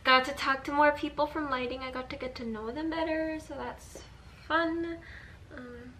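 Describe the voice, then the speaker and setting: A woman's voice: high voice, fairly even intonation, normal speed, pushed and bright, slight background noise. A teenage girl chatting casually in a daily vlog into a handheld camera, rambling with lots of "like". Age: teens. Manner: rambling, fillers of "like", frequent giggles. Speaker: vlogger. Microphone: handheld camera held up close.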